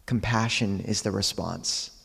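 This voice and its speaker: A man, a Buddhist monk, giving a dharma talk, telling teaching stories in a calm, measured way with quiet pauses. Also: on the low side, vocal fry, breathy edge, in a large hall.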